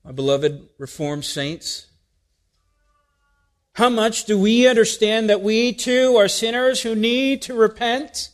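Male preacher, higher voice, expressive sermon delivery, rises and drops in volume. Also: takes it slowly. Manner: expressive, rhetorical questions, wide swings in loudness.

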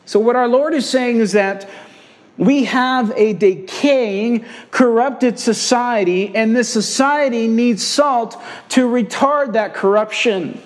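High-pitched guy preaching a sermon, hammers the same phrases over and over. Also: takes it slowly. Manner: emphatic, repeating key phrases. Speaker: pastor.

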